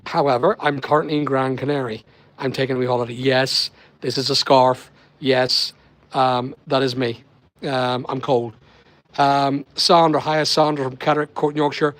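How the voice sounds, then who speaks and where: A man's voice: mid-range voice, flat delivery, moderate pace, fairly bright tone, dry recording. A man with a Northern Irish accent, hosting a casual live stream and chatting with viewers by name in a rambling way. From Northern Ireland. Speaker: livestream host. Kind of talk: casual live chat reading viewer comments.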